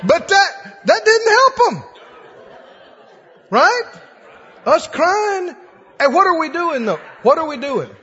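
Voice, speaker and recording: A man from Mississippi, preaching a folksy, animated sermon with laughing asides. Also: very high voice, slow, long pauses. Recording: dull lo-fi sound in a long-echo hall.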